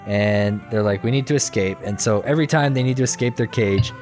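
A man in casual chat, retelling a cartoon episode in a rambling, animated way with quick quoted voices and laughter. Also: on the low side, soft background music. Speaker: podcast co-host recapping a cartoon episode.

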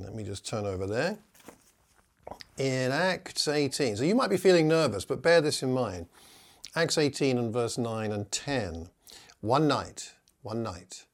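A man teaching a class on preaching, speaking in an earnest, encouraging way and slowing down to read scripture passages aloud in a measured voice. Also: medium pitch. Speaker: preaching instructor. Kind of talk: teaching talk with scripture reading.

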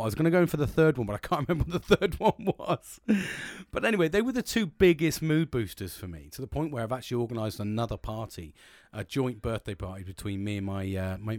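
A middle-aged man with a British accent speaks openly in a personal podcast monologue, blunt and full of swearing. His pitch sits in the ordinary middle range. The sound is close and dry, with no room echo. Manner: frank, heavy swearing, emotional and reflective. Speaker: podcast host.

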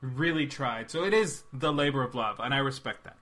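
A young man co-hosting a loose movie chat. His voice sits bright and forward. He rambles and jokes, trailing off and picking the thread back up. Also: medium pitch. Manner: animated, rambling, quick to joke. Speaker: podcast co-host. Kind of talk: casual movie review chat.

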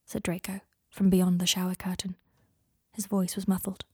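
Woman narrator, husky, breathy, soft even storytelling, dry close sound. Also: fairly low pitch, moderate pace, no echo. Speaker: author and narrator.

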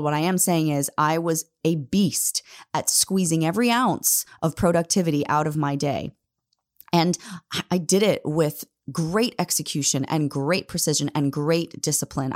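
A woman's voice: low voice, moderate pace. A woman in her thirties giving an earnest, emphatic motivational talk, often addressing listeners directly as "guys.". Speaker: motivational speaker.

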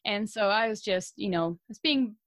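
A young Canadian woman co-hosts a podcast, telling a story in a casual, animated way and laughing often. Her mid-range voice moves at a moderate pace, and the studio recording is clean with no room sound.

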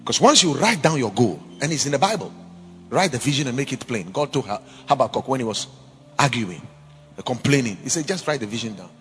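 Animated preacher with a ringing voice. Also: male voice, mid-range voice, brisk, big-room sound, faint music behind. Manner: emphatic, swings between loud exhortation and quiet asides. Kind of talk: sermon. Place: church.

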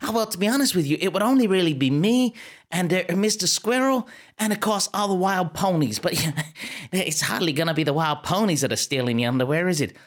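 A woman's voice: lowish voice, animated, a little fast. A woman voicing a chatty hotel receptionist in an attempted American accent, improvising comedy. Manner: chatty, calls people honey. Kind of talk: improvised comedy role-play.

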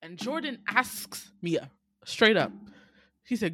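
Animated woman recapping a movie. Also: mid-range voice, slow, no room sound. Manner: animated, laughs often, profane.

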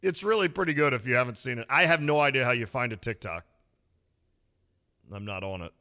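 Bright-toned animated sports radio man. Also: mid-range voice, a little fast. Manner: animated, laughs often, acts out little scenes. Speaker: radio co-host. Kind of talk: casual sports radio chat.

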